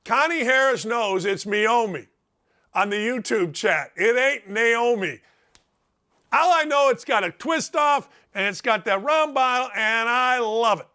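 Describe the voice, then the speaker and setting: Hosting a sports talk show at a measured pace, a middle-aged radio host with a very high voice gives a folksy, brash, animated monologue while ribbing his audience.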